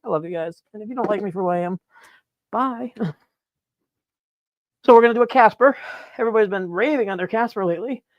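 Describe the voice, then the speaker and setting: A man chatting excitedly on a live stream as he works on his mushroom grow, laughing and apologizing often. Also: high voice, fast, pauses often, no room sound, dull audio. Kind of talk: live-stream chat while working. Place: grow room, indoors.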